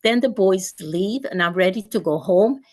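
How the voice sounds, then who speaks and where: A woman's voice: medium pitch, lively intonation, moderate pace, darkish tone. A woman in her eighties from Sweden, a guest speaker telling a personal story vividly, with repetitions and restarts.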